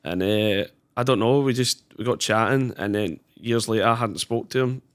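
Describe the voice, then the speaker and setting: A man's voice: on the low side, normal speed, clear, resonant tone. Scottish guy in his twenties, casual podcast guest, easygoing and chatty. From Scotland. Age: 20s. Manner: chatty, laughs easily, says "mate" and "aye" a lot. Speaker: guest content creator.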